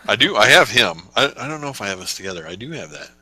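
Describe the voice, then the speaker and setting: A young man with a low, very bright and forceful voice, joking wryly in casual podcast chat. The sound is dry and close, with no room echo. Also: very animated, fast talker. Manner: wry, joking, acts out quotes in funny voices. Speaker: podcast co-host.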